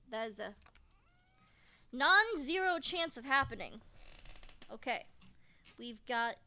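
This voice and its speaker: A woman's voice: high-pitched, bright, forceful tone. A woman streaming a farming game, chatting casually and joking as she plays. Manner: chatty, reads character lines aloud, jokey. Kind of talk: casual gameplay commentary. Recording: faint music behind.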